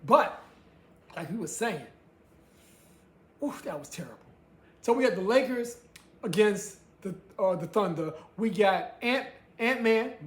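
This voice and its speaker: A woman's voice: mid-range voice, animated, unhurried, long pauses. Ranting woman sports host, echoey room. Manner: emphatic, ranting, repeats phrases. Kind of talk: solo sports talk show.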